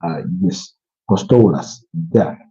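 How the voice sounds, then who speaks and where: A low-pitched, dark voice speaks slowly as a fatigued man from Uganda hosts a football watch-along, yawning along the way. He rambles casually in live commentary and opinion, saying "you know" a lot, over muffled, lo-fi stream sound.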